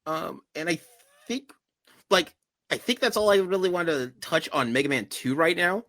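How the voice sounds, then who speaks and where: A man's voice: fairly high pitch, moderate pace, fairly bright tone, dry recording. A man hosting a casual gaming podcast, retelling game history with frequent laughter and rambling asides. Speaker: podcast host. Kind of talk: casual chat.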